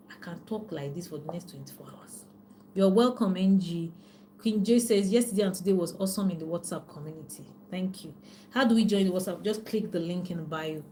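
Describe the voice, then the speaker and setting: A woman's voice: on the low side, a little hiss or hum. Chatty Nigerian woman coach. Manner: chatty, animated, reads out viewer comments. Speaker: life and business coach. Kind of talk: casual live-stream talk.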